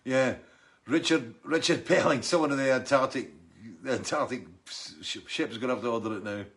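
Man, middle-aged, musician hosting a livestream, casual comment-reading chat, rambling, frequent restarts, mid pitch. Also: fairly quick, a bit bright.

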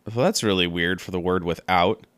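A man's voice: deep voice, normal speed, a bit bright, no room sound. A man giving casual, earnest Bible commentary, thinking aloud as he meanders from point to point. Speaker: Bible study podcaster.

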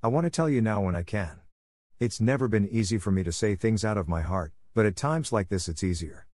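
A man doing a stern old woman softening. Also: on the low side, animated, a little fast, dry recording, studio quality. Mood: tender. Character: stern older woman, reserved, softening in grief.

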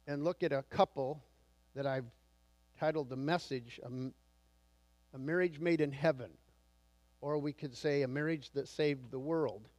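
A male pastor delivering a sermon with a slightly raised, lifted voice. He spins an anecdote full of back-and-forth dialogue, then moves into numbered points. The sound is dry and close, with almost no room echo. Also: a little high.

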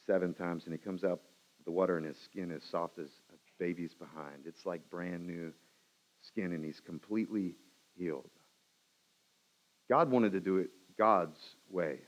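A man, a pastor, preaching a sermon and retelling a story with lively swings between loud and hushed delivery. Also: fairly low pitch, dull audio.

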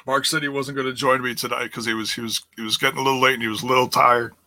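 Bright-voiced man ranting on a podcast. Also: level tone, racing, dry recording. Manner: ranting, swears freely, mocks others in a high voice. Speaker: podcast host. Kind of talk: casual solo podcast rant.

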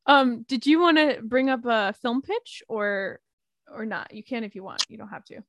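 A woman hosts a relaxed podcast chat in a slightly high voice. She keeps it breezy and laughs often. The sound is dry and close. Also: normal speed, no room sound. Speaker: podcast host.

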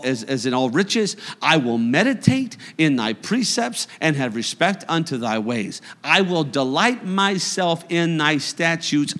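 A pastor delivers a sermon in church, his voice bright and a touch high. He builds to emphatic, raised bursts and then drops back to a quiet, reflective delivery. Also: big-room sound.

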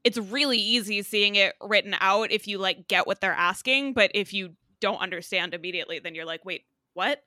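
A woman appearing as a guest on a podcast, chatting casually with a wry, deadpan humor. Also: mid-range voice, fairly quick, hardly any pauses, dry recording, studio quality. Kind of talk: casual chat.

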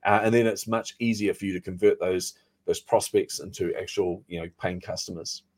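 A man being interviewed as a startup founder, telling stories in a lively way and acting out the people he quotes. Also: deep voice, normal speed. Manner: animated storyteller, acts out quoted dialogue. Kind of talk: casual interview storytelling.

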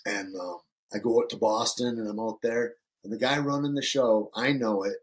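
A man's voice: fairly low pitch, moderate pace, slightly rough. A middle-aged man from Northern Michigan, a podcast guest telling casual stories, loose and profane, acting out the voices of people he quotes. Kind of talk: casual storytelling.

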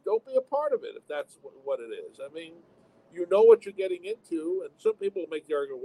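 A man's voice: high-pitched, wildly swooping pitch, a little fast, gravelly, dark tone, low-quality recording. A man who owns comedy clubs, talking bluntly and with strong opinions in a casual interview. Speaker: comedy club owner. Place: home town with fire sirens.

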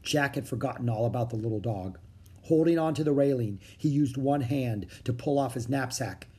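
A reader narrating a children's book in a steady storytelling manner. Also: mid-range voice, normal speed, slightly rough. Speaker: audiobook reader.

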